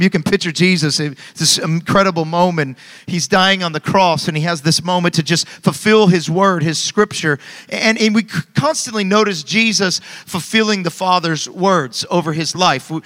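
Energetic man in his thirties preaching. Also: high-pitched, in a large hall. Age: 30s. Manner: energetic, calls for congregation responses. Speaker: pastor. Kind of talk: sermon. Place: church hall with congregation.

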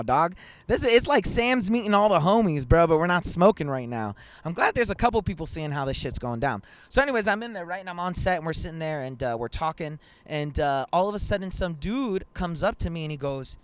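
A young man hosting a casual podcast over a video call, telling stories in an animated, slangy way and swearing a lot. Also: on the high side, quick pace, clean tone, no room sound. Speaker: podcast host. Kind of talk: casual chat.

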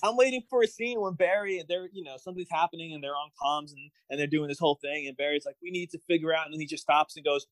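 A man's voice: on the high side, fairly even intonation, fast, few pauses, dry recording. A man chatting casually as a podcast co-host, rambling and wry, with many fillers. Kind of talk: casual chat.

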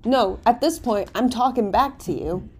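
A woman playing a tabletop game who speaks slowly and deliberately. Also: on the high side, a little mellow. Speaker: player.

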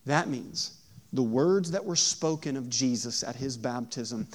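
A man preaching a sermon. He moves from hushed storytelling to loud, emphatic preaching and asks the audience questions. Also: mid-range voice, lively intonation, a little slow. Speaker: pastor.

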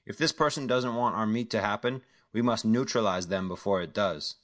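A man voicing a calm, commanding male crime boss, who speaks in measured, formal phrases. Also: fairly low pitch, close to an everyday voice.

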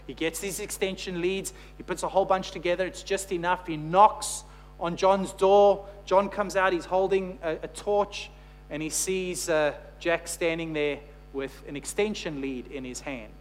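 A man's voice: high-pitched, fairly even intonation, moderate pace. A man preaching a sermon. He tells a story and then builds to emphatic, repeated phrases. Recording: long hall reverb with faint hum.

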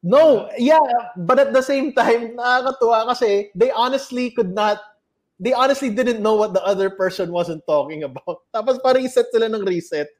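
High-voiced young Filipino man telling stories. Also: a little fast. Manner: rambling, swears, mixes English and Tagalog. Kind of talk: casual storytelling chat.

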